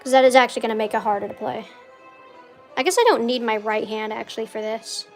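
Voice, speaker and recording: A woman's voice: fairly high pitch, fairly even intonation, quick pace, faint music behind. A young woman streaming a video game, chatting casually, swearing and ranting when she fails. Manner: muttering quietly to herself. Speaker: gaming streamer. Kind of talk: casual gameplay commentary.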